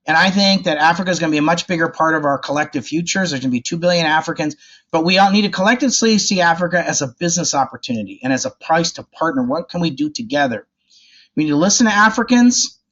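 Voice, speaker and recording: A man speaking as a guest expert in a podcast interview, animated and informal, acting out quoted remarks. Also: on the high side, fast. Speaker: guest, development policy expert. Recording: dull lo-fi audio.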